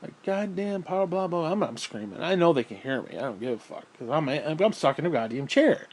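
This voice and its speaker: A man's voice: mid-range voice, big pitch swings, brisk, slightly rough. A man telling a rambling story at home in a casual vlog, swearing freely and sighing often. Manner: profane, rambling, frequent sighs. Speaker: vlogger. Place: at home, indoors.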